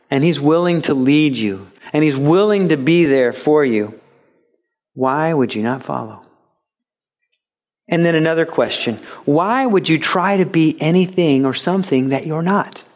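Animated pastor preaching a sermon. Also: male voice, fairly high pitch. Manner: animated, jokes, puts on voices for quoted people.

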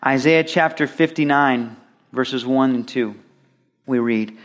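Guy preaching a sermon, punches some words then drops real quiet. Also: medium pitch, a little slow. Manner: emphatic preaching with sudden loud and soft swings.

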